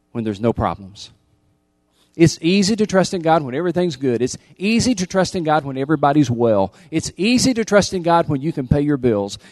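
A man preaching a sermon as pastor, emphatic, repeating key lines and swinging from loud appeals to hushed intensity. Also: on the high side, no room sound.

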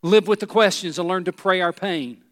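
A male pastor preaches in an earnest, emphatic way, with a notably high voice. He turns to the congregation with rhetorical asides. His words ring out with the long reverb of a large sanctuary. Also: moderate pace, a bit bright. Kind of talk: sermon.

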